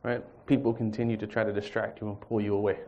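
A man giving a personal testimony and reading scripture at a church group, an animated storyteller who acts out the dialogue with chuckles. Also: fairly low pitch, quick pace, muffled recording.

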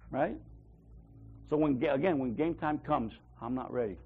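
A man's voice: mid-range voice, normal speed, long pauses, breathy edge, dull audio. A man giving a casual sermon, talking conversationally and acting out little dialogues with God, often checking in with "right?". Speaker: preacher.

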